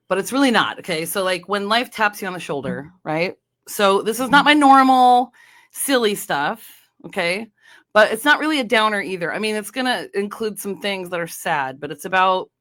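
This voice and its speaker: A woman from North Dakota hosts her own podcast, chatting on her own. She rambles along casually, restarting sentences and filling pauses with ums and you-knows. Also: medium pitch, fairly bright tone. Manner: chatty, meandering, many fillers and restarts. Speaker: podcast host. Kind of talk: casual solo podcast chat.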